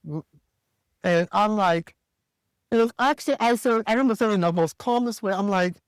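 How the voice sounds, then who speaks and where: A man from the American South telling a story as a podcast co-host, animated and profane, jumping higher when he quotes himself. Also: moderate pace, clean tone, dry recording, clean studio sound. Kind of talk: casual storytelling rant.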